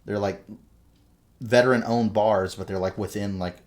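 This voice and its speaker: A man co-hosting a podcast in casual chat, a profane, rambling storyteller who shouts out quotes when retelling. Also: lowish voice, steady tone, normal speed. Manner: loud acted quotes in retellings. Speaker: podcast co-host.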